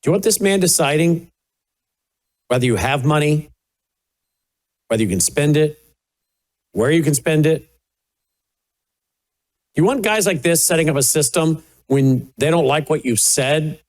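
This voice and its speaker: A man's voice: mid-range voice, normal speed, long pauses. A man hosting a political commentary show, talking indignantly and with sarcasm over played clips. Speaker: host.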